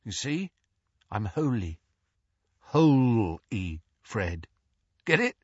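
A man's voice: mid-range voice, sing-song, extremely slow, breathy edge, no room sound, highs cut off, exaggerated voice. A man voicing a wry, joking young man in an audiobook reading. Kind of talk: audiobook character voice.

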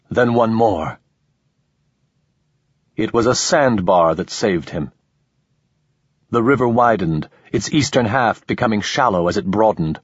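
A man reading a novel aloud as an audiobook narrator, in a measured, even storytelling manner. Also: lowish voice, slightly rough, no room sound, dull audio. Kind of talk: scripted narration.

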